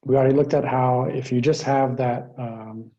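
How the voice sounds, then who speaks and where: Dark-voiced man lecturing over a call. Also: medium pitch, little pitch movement, normal speed, highs cut off. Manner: methodical, explains step by step with frequent fillers. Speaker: linguistics guest lecturer. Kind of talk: explanatory lecture.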